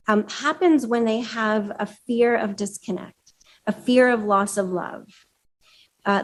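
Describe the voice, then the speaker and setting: A woman author giving a conversational workshop talk, explaining ideas and asking the room questions. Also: a little high. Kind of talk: live talk to a room of women leaders. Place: room with an audience.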